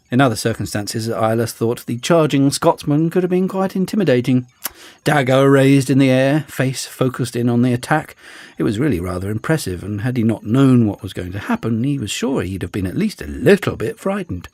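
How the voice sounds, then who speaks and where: Male audiobook narrator, animated delivery, husky, dry sound. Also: mid-range voice, brisk, no echo, soft background music. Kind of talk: scripted narration.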